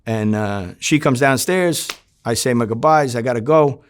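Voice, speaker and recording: Man, former undercover agent, interview storyteller, mid pitch, salty and animated. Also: moderate pace. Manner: profane, animated, acts out quoted dialogue. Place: home in New Jersey.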